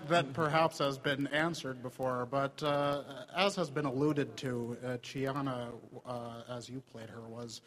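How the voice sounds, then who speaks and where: A man's voice: mid-range voice, steady tone, a little slow, few pauses, fairly bright tone. A man from Minnesota, a fan in the audience, asking a wordy question full of hesitations and fillers.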